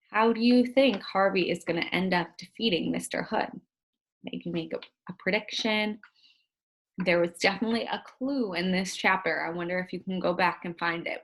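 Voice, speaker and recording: A woman teacher reading a novel aloud to her students with expressive storytelling, pausing to ask the class friendly questions. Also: fairly low pitch.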